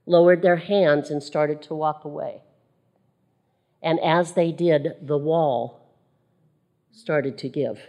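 A woman's voice: lowish voice, darkish tone. A woman preaching a sermon to women, reading scripture and repeating key phrases for emphasis. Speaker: women's ministry speaker.

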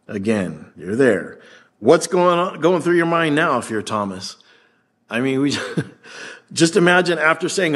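A pastor delivers a sermon in a conversational, animated way, voicing the figures in the scripture he reads. His voice is mid-range and his pace slow.

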